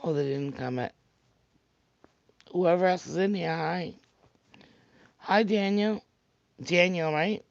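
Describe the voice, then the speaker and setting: Slow, dry-sounding man with a thick Staten Island accent. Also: high-pitched, creaky, no echo, highs cut off. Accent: Staten Island New York. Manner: rambling, chatty, talks straight to viewers. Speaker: vlogger reading live comments. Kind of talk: casual livestream chat.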